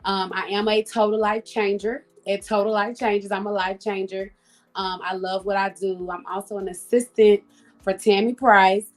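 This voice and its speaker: A woman's voice: mid-range voice, flat delivery, normal speed. Upbeat woman joining a video call. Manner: upbeat, self-promoting. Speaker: guest, entrepreneur. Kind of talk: casual self-introduction.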